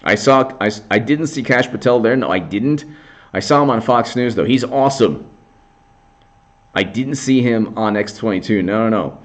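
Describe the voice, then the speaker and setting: A man's voice: fairly low pitch, normal speed. A man giving rambling, sarcastic political commentary on a casual livestream, often restarting his sentences.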